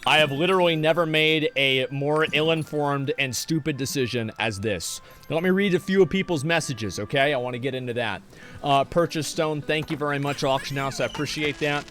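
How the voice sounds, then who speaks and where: A man's voice: on the high side, fairly bright tone. A man streaming live, chatting casually and reading chat messages in a sarcastic, profane, rambling way.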